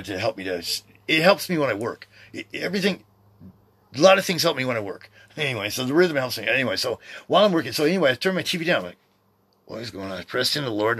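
A man's voice: mid-range voice, pushed and bright, husky, no room sound. A man in his fifties hosting a podcast from his home, talking in a loose, meandering way that keeps interrupting itself. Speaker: podcast host. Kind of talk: rambling personal monologue. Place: home room by his computer.

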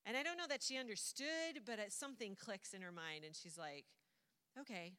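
A woman's voice: mid-range voice, big pitch swings, brisk, pushed and bright, smooth. A woman preacher casually retelling a Bible story in a chatty way, often laughing and lightly acting out the voices. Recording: long hall reverb.

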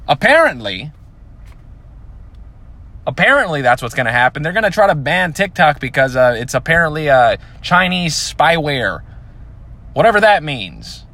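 A man's voice: on the high side, very animated, moderate pace, pauses often, bright, forceful tone, no echo. A man hosting his own podcast, rambling and joking in casual solo chat, with lots of fillers and restarts. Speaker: podcast host.

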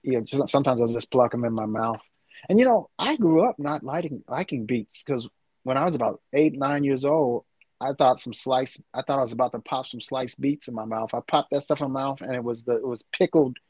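A man's voice: mid-range voice, brisk, a little mellow, slightly rough, no room sound. A middle-aged man in a casual chat, talking with rambling enthusiasm. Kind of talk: casual chat about food.

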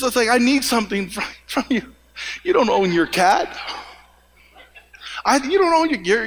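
A man preaching a lively sermon as pastor, joking with the congregation and often repeating and restarting words. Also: high-pitched, slight background noise. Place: church hall. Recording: long hall reverb.

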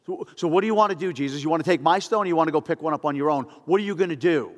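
A man voicing scornful male Pharisees who taunt Jesus in a loud, rushed way during a sermon. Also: on the high side, big-room sound, pitched above the performer's own voice, close to an everyday voice.

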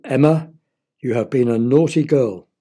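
Strict storybook dad, played by a man, firm, scolding, dark tone. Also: mid-range voice, a little slow, slightly rough. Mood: stern. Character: stern but fond father.

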